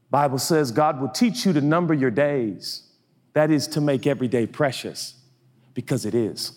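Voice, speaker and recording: A middle-aged male pastor preaching a lively sermon, self-mocking and animated, often jumping into high silly voices for comic asides. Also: moderate pace. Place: church auditorium. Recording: long reverb of a large hall.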